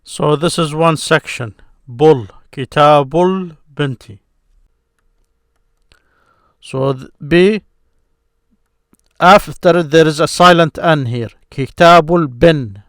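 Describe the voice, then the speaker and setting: A man gives a slow, patient Arabic grammar lesson and repeats each syllable aloud. His voice sits a little high. It is recorded dry on a close desk mic. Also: no room sound. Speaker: Arabic teacher. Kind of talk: screen-share grammar lesson.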